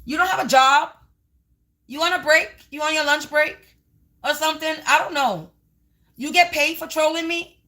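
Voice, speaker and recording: A woman hosting her own channel, ranting loudly at viewers and trolls, cursing and calling them sweetie and honey. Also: sits high, moderate pace, long pauses. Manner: loud, yelling, cursing, confrontational. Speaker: spiritual channel host. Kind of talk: ranting livestream vlog.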